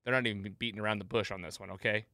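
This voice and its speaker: Smooth-voiced man recapping an episode. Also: on the low side, rapid-fire, dry recording, clean studio sound. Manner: animated retelling, laughs at the jokes. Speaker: podcast host. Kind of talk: casual episode recap chat.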